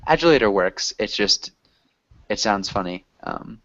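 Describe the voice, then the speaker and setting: A man with a slightly low voice explains grammar to students in a relaxed, rambling way, filling pauses with ums. The sound is dry and somewhat muffled, lo-fi quality. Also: dry recording. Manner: patient, loose and chatty, with many ums. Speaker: English teacher. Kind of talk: explaining in an online class. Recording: dull lo-fi audio.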